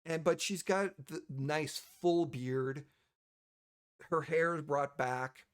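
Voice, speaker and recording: A man's voice: a little high, slow pace, a bit bright, smooth. A man narrating as game master, rambling with many fillers.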